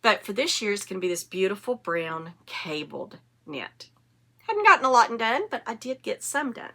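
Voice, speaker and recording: Bright-voiced chatty woman in her fifties. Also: medium pitch, big pitch swings, moderate pace, creaky. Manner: chatty, rambling, self-correcting. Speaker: knitting podcast host. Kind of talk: casual chat to camera.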